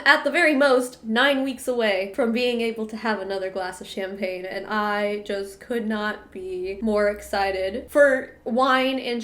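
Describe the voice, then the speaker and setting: A woman's voice: a little high, fairly bright tone. A young woman talking casually to camera as a vlogger, sniffly and congested, chatty and candid, laughing between remarks. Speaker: vlogger host. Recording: roomy echo.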